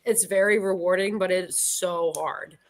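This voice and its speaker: A woman's voice: lowish voice, measured pace. A woman in her twenties, a guest on a show, chatting casually and filling her sentences with "like.". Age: 20s. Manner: chatty, full of "like" fillers. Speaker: guest musician. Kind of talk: casual birthday chat.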